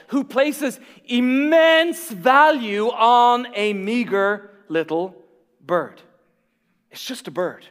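A middle-aged man preaching a sermon as a pastor, swinging between soft, quiet asides and emphatic, building peaks. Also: very high voice. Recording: long reverb of a large hall.

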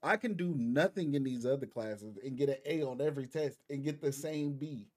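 A man's voice: medium pitch, a little fast. A young man co-hosting a podcast in casual chat, loose and rambling, laughing at himself. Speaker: podcast co-host.

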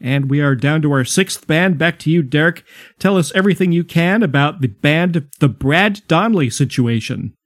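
A man's voice: fairly high pitch, lively intonation, moderate pace, dry recording, clean studio sound. A male radio host naming a song and handing off to his co-host.

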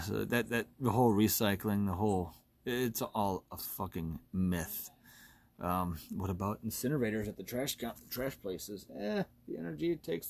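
A man in his forties hosting a solo podcast, ranting bluntly and with lots of profanity, often laughing at himself. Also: fairly low pitch. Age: 40s. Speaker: podcast host.

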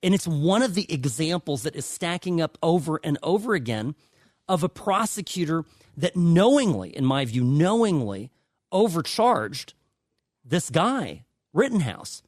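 A man co-hosting a legal talk show, speaking in a halting, emphatic way with many restarts. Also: a little high, big pitch swings, no room sound, clean studio sound. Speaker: co-host, lawyer. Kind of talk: casual legal commentary.

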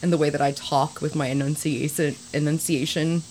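Casual podcast co-host, woman, low voice, light hiss behind. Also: fairly even intonation, darkish tone, low-quality recording. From American South. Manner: fast-talking, laughs easily. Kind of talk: casual chat.

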